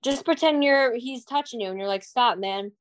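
A woman's voice: high voice, brisk. A woman hosting a podcast, teasing and interrupting her co-host in casual chat.

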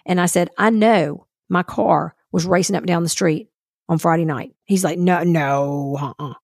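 A female podcast co-host with a creaky voice on the low side tells a story at normal speed in casual chat. As an animated storyteller, she performs the other people's lines, recorded with clean studio sound and no echo.

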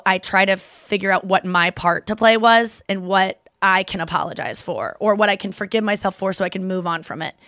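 A woman's voice: medium pitch, a bit bright, no room sound, studio quality. A woman in her thirties hosting a podcast, chatting casually and retelling stories with quoted voices. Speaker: podcast host and comedian.

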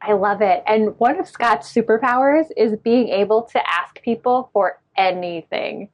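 A woman's voice: a little high, a little slow, lo-fi sound. A woman in casual podcast chat, teasing and playful.

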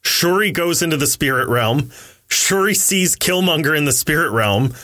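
A man's voice: fairly high pitch, animated, moderate pace, pushed and bright. A young man co-hosting a podcast, chatting casually and animatedly about a movie, joking and laughing often. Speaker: podcast co-host. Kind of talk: casual movie review chat.

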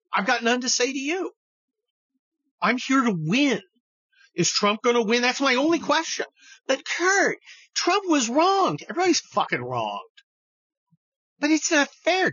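Man, podcast host, blunt and profane, bright sharp tone, slightly husky, dry muffled sound. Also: high voice, no echo. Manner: blunt, profane, rambling with many restarts. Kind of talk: opinionated political monologue.

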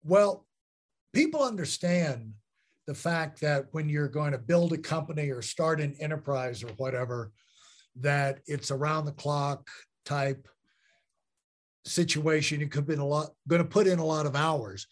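A man's voice: fairly high pitch, a little slow. A male host with a slightly raised voice leads the talk with his guest. He muses aloud and stretches out words for emphasis. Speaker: podcast host. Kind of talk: conversational interview.

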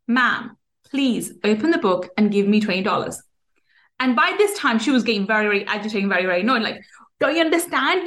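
A woman hosting a podcast, giving an earnest motivational monologue with many restarts and fillers. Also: a little high. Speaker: podcast host.

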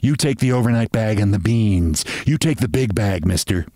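A cold, hard gangster woman from a storybook crime tale, as a man reads her, curt and flat, full of slang. The voice stays close to the reader's own. It is recorded dry and close. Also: lowish voice, moderate pace, no room sound.

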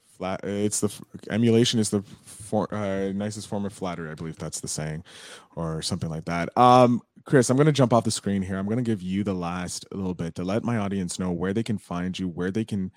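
A man's voice: sits low, fairly quick, no room sound, studio quality. A man hosting a casual podcast interview, easygoing and affirming, with plenty of fillers. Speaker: podcast host.

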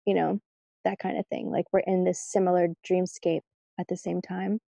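A woman guest telling stories in a casual interview, chatty and lively when she quotes her family. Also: fairly low pitch, moderate pace, gravelly, dry recording. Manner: chatty, animated when quoting family, laughs easily.

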